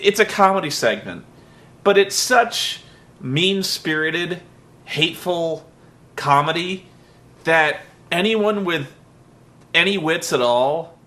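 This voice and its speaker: A man delivers a profane comedic rant, exasperated and mocking throughout. His voice sits a little high and sounds bright and tense. He swears freely as he tears into a show. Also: expressive, slow, long pauses. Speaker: wrestling show reviewer.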